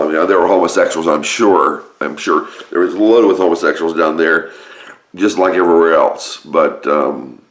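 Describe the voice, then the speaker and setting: A man with a Roanoke, Virginia accent, talking in a casual, rambling monologue that often halts and restarts. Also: sits low. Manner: rambling, halting, many restarts. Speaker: vlogger. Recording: roomy echoey room.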